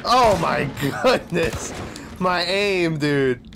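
A man commentating his own gameplay, excitable and profane, trash-talking the game, yelping and shouting at sudden scares, sometimes laughing as he talks. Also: a little high, drawn-out words, gravelly, noisy background. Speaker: gaming channel host.

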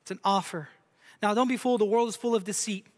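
Man, pastor, emphatic sermon, high pitch, long reverb. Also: fast talker. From Brazil. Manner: emphatic preaching, asks the crowd questions. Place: church sanctuary.

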